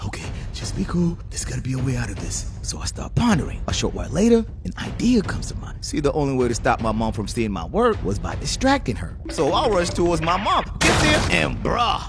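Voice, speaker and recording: An animated young man tells a funny childhood story in slangy storytime style, his pitch leaping all over. Music plays behind his voice. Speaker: comedic storyteller. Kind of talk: comedic storytime narration.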